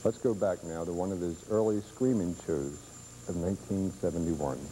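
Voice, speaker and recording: A man reading scripted documentary narration in a measured, solemn way. His voice is deep and very dark. He speaks with steady calm. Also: slight background noise, rough recording.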